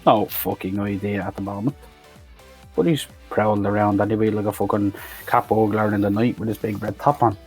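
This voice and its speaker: A man's voice: on the low side, fairly even intonation, fairly quick, darkish tone, slightly rough, soft background music. A man recapping a film in a rambling, sweary, sarcastic way. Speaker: film reviewer. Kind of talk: profane comedic movie recap.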